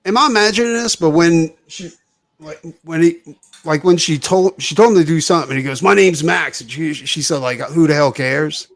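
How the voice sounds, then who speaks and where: A man's voice: a little high, a little fast. A man in a casual podcast chat, laid-back and slangy, calling people dude.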